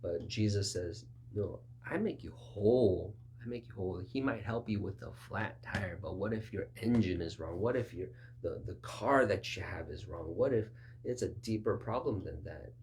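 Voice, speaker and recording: A man's voice: normal speed, slight background noise. A man preaching in a conversational sermon style, acting out little back-and-forth dialogues in a raised voice. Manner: conversational, acts out both sides of dialogues with raised pitch. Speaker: pastor.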